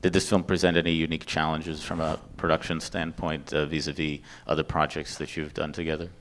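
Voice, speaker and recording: A man's voice: rumbling low, little pitch movement, a little fast, fairly bright tone, slight background noise. A male moderator at a festival panel, reading out questions in a hesitant way with fillers. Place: film festival panel stage.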